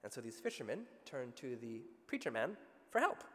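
A man with an Australian accent preaching a sermon, telling the story with vivid asides and a lively, expressive delivery. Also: medium pitch, normal speed, big-room sound.

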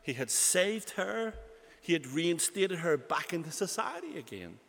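A man's voice: a little high, sing-song, a little slow, gravelly, a bit bright, in a large hall. A man preaching a sermon, retelling a scripture story earnestly with emphatic repetition.

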